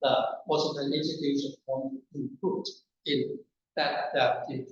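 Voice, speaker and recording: A man's voice: mid-range voice, steady tone. Man lecturing from far off in an echoey room. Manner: halting, deliberate delivery. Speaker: conference panel presenter. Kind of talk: academic lecture. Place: conference room. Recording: distant, echoey, dull conference room recording.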